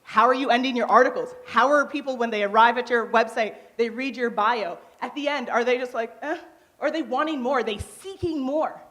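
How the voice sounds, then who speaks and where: A young woman giving a motivational talk on a conference stage, naturally loud, laughing often and asking the crowd questions. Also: fairly high pitch, fairly quick, hardly any pauses. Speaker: conference speaker. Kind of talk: motivational workshop talk to a live audience.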